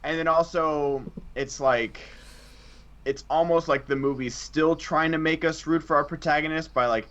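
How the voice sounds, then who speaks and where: A man co-hosting a casual movie review chat, rambling and acting out characters' lines with big jumps in pitch. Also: steady tone, moderate pace, a bit bright. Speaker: co-host. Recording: dull lo-fi mic.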